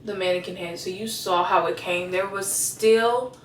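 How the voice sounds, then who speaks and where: Styling her wig as she talks, this young woman vlogger keeps up a chatty, slangy get-ready-with-me conversation, addressing her audience as "you guys." She speaks at a normal pace in a steady, medium-pitched tone. There's a little hiss or hum, plus roomy echo and faint ambience from a distant microphone.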